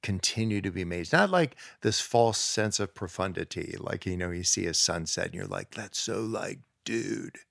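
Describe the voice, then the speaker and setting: Gravelly, animated male podcast guest. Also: normal speed, few pauses, no echo, clean studio sound. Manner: animated storyteller who jumps into high, excited voices. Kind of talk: casual conversation.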